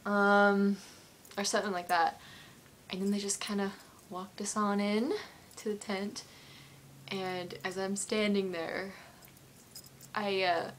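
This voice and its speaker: A woman's voice: medium pitch, level tone, slow pace, pauses often, slight background noise. A woman answering fan questions in a casual home vlog, rambling, giggling and apologizing as she gets emotional telling a story. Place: at home with her cat.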